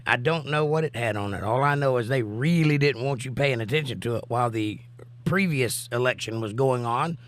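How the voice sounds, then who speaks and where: A man hosts a casual livestream, reading viewers' comments in an easy, chatty manner, still getting his voice back after days of coughing. His pitch is an ordinary middle one, and he talks a little fast.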